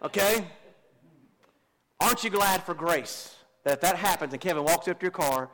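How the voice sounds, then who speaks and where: A man's voice: high voice, moderate pace, pauses often, a bit bright. A middle-aged man, a pastor preaching a folksy, confessional sermon and joking with his congregation. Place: church.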